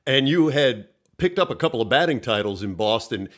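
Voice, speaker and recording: A man's voice: medium pitch, animated, fairly quick. Man hosting, asking a thoughtful question. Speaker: interview host. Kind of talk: conversational interview question.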